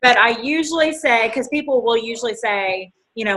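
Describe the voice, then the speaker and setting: A woman's voice: a little high, fairly quick, hardly any pauses, pushed and bright, rough recording. A woman with a Southern US accent co-hosting a casual chat, talking enthusiastically and agreeing readily. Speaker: network marketing co-host. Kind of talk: casual sales coaching chat.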